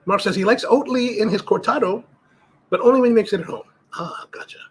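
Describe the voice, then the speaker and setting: A middle-aged cigar livestream host talks a little fast in a high, slightly rough voice. His casual chat rambles through stories and viewer comments, with frequent restarts and fillers.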